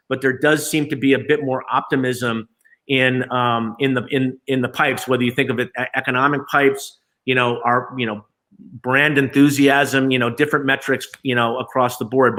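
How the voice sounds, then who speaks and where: An agency's chief executive, his mid-range voice fairly bright, talks conversationally during a live remote interview, stumbling through many fillers and restarts.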